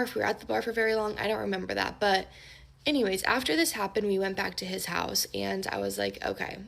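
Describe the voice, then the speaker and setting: A woman's voice: mid-range voice, creaky. A young woman telling a casual storytime, chatty and full of "like" fillers. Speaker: storytelling creator.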